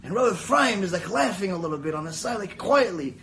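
A man's voice: sits high, a little fast, slight background noise, poor audio. A man teaching a Mussar lecture, telling stories, acting out the voices in them and wandering into chatty asides. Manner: animated, acts out the voices in his stories. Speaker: Torah teacher.

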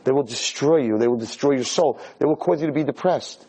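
A rabbi giving a Torah lecture to a live audience in a room. He speaks emphatically, repeats his points and swings his pitch up and down. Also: fairly quick, dark tone, husky, rough recording.

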